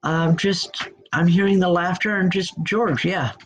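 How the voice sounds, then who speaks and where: Halting woman medium giving spirit readings. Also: on the low side, level tone, poor audio. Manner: halting, stop-start delivery with many restarts. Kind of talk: live online spirit reading.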